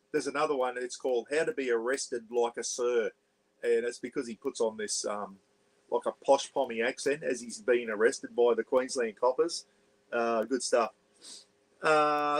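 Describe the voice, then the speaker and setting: Poor audio captures a man with a medium-pitched voice and an Australian accent. He's a vlog host running a casual livestream from his parked caravan, rambling and chatting away with frequent uses of "bloody."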